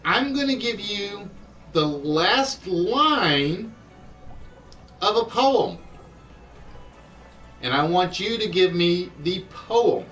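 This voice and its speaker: Guy hosting an online quiz, kinda high voice, talks to himself a lot, a bit far from the mic with music going. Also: a bit bright. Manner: chatty, thinks aloud, reads clues slowly. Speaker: game show host.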